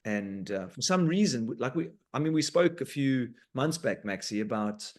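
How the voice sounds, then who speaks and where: A man hosting a podcast in casual chat, animated and informal, with sweary banter. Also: medium pitch, normal speed. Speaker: podcast host.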